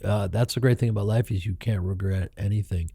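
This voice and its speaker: A middle-aged man with a low, dark voice tells candid stories in an interview. He is animated and profane, and he jumps higher when he acts out the people he quotes. The sound is dry and close to the mic. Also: brisk, vocal fry, slightly rough, no room sound. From Chicago, United States. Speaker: guest actor and comedian.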